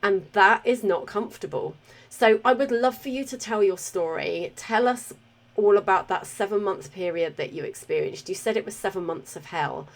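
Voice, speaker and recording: A woman's voice: mid-range voice, expressive, normal speed. A British woman hosting a podcast interview, chatty and enthusiastic, laughing easily. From Britain. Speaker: podcast host.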